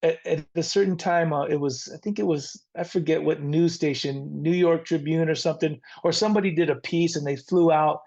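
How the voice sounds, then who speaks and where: An earnest middle-aged man tells his life story as an interview guest. His voice sits a little high with plenty of gravelly fry. The recording sounds dull and lo-fi. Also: fairly even intonation, a little fast, few pauses, darkish tone. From San Diego area, near the Mexican border. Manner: earnest, reflective, faith-centered. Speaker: guest, rock band frontman.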